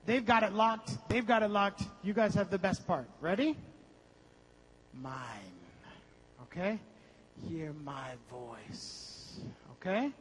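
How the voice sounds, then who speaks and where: A man's voice: sits high, moderate pace, hardly any pauses, big-room sound, slight background noise. A man leading a motivational seminar, coaching the audience energetically and breaking into song. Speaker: seminar speaker. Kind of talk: motivational seminar with group singing.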